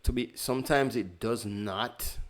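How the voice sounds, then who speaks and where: Speaking at medium pitch and a slightly slow pace, a man walks viewers through trading in an informal screen-share session. He keeps it conversational, restating key phrases and catching his own mistakes.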